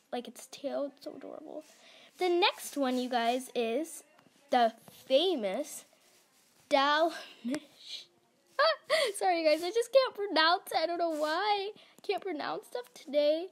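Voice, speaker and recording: A woman's voice: high voice, big pitch swings, a little slow. A young woman giving casual, giggly gameplay commentary, gushing and stumbling over words. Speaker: gaming vlogger.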